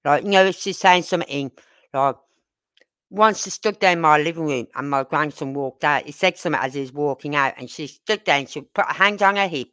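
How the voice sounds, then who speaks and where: A woman's voice: sits low, a little fast, a bit bright, smooth, dry recording. A middle-aged woman, a grandmother and neighbour, chatting in a rambling way and often checking that the listener follows. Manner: chatty, rambling, keeps asking "you know what I mean". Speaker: neighbour interviewed. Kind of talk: casual storytelling chat.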